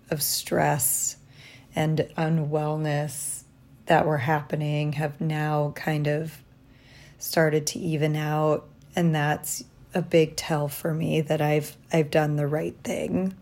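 A woman talking through a personal diary vlog from a hotel room, reflective and halting, tired after little sleep. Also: low voice. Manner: reflective, halting, soft-spoken. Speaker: vlogger.

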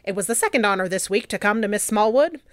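A woman's voice: mid-range voice, animated, fast talker, dry recording, clean studio sound, natural voice. A woman putting on an old-timey 1920s announcer. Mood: formal.

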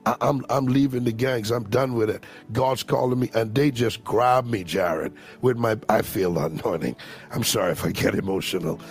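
A man giving an emotional testimony and fervent prayer as an evangelist guest, swinging from hushed, tearful words to loud declarations. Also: mid-range voice, moderate pace, hardly any pauses.

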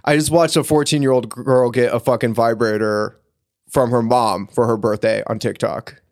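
A man's voice: mid-range voice, fairly even intonation, darkish tone. Profane man telling a story. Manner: profane, storytelling, quick to laugh. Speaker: podcast co-host. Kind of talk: crude casual chat.

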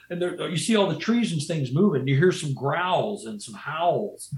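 A man tells a story in a rambling, casual way, often restarting his sentences. His voice sits a bit higher than most men's. The room gives it a noticeable echo. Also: expressive, moderate pace, few pauses. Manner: rambling, frequent restarts and "you know". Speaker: guest storyteller. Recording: roomy echo.

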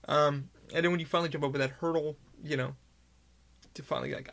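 A man's voice: medium pitch, steady tone, fairly quick, gravelly, a bit bright. A man hosting his own podcast, talking in a candid, rambling monologue with heavy swearing. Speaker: podcast host. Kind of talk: casual monologue.

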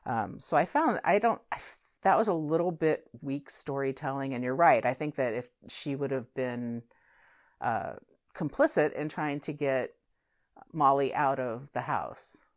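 Woman, very low voice, rambling casual movie talk. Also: unhurried. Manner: rambling, tells stories with asides.

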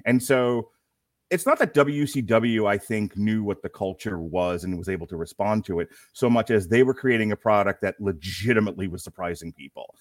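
A man with a Brooklyn accent co-hosts a casual podcast chat and tells stories with a lot of animation, lacing them with quick asides. His voice sits on the low side. The sound is dry and close, with almost no room. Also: no room sound. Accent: Brooklyn, New York. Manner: animated storytelling, quick asides, frequent laughter. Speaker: podcast co-host.

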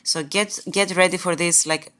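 A woman from Greece, a guest in a casual interview, chatty and quick to laugh. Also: on the low side, fairly even intonation, a bit bright. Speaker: guest, entrepreneur.

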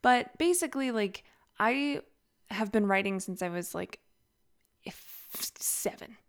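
A woman's voice: medium pitch, expressive, moderate pace. A young woman hosting a casual solo podcast, chatty and rambling, with many "like"s and easy laughter. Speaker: podcast host and author.

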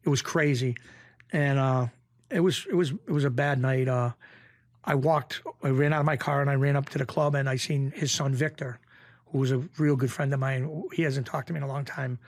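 A middle-aged man from Springfield, Massachusetts, telling stories as a podcast guest in a rambling, animated way with frequent restarts. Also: medium pitch, a little fast, dry recording. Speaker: podcast guest, former mob bookie. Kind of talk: casual storytelling interview.

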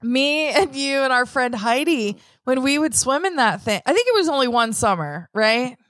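A woman's voice: high-pitched, animated, normal speed, fairly bright tone, no room sound. A woman co-hosting a podcast in casual chat, playful and teasing, with lots of fillers. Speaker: podcast co-host.

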